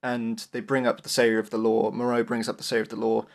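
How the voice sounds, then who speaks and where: A man's voice: on the low side, little pitch movement, fast, gravelly. Chatty man retelling a film script. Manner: retells plot in a chatty, laughing way. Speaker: podcast co-host. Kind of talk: casual review chat.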